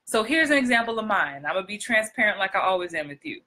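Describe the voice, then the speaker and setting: A woman coaching actors in a chatty, animated live stream, talking straight to her viewers. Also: medium pitch, fast talker. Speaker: acting coach. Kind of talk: live-streamed acting tips.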